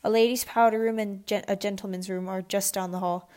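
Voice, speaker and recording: A woman's voice: mid-range voice, steady tone, brisk, a little mellow, natural voice. Prim male butler, clipped and formal, read by a woman. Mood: haughty. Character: stiff, proper male butler.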